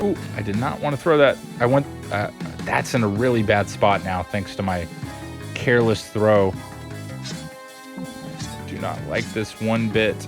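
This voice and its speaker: A man's voice: fairly low pitch, measured pace, pauses often, music in the background. Chatty man streaming a game. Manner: chatty, laughs often, talks to chat. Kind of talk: casual gameplay chat with chat readers.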